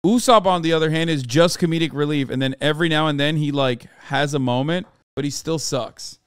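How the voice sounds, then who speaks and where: A man's voice: fairly high pitch, brisk, clean tone, dry recording, studio quality. A man streamer in a casual, profane rant, talking emphatically and sounding exasperated.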